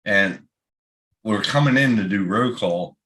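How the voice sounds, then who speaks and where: A man's voice: on the low side, a little slow, a bit bright. A middle-aged man, telling profane, laugh-filled anecdotes in casual chat.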